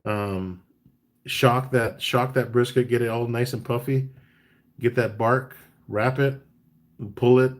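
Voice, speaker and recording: A barbecue caterer hosts a casual live-stream chat, talking in a relaxed, unhurried way with a medium-pitched voice. Between bits of banter he reads out viewer comments and offers tips.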